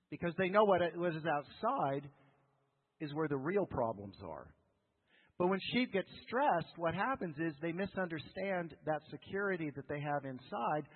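Male pastor, animated sermon, higher voice, long hall echo, thin phone-like sound. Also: slightly rough. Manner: animated, asks the congregation questions.

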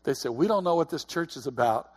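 Man, fifties, pastor, sermon, conversational, slightly high voice, laughing asides. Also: expressive, fast talker, darkish tone. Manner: conversational, laughs between asides, rising on calls of "Amen?".

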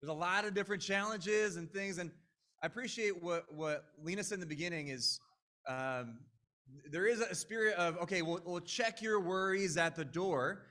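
A man's voice: high voice, moderate pace, sharp tone. A man preaching a conversational, earnest sermon as a pastor, with frequent restarts.

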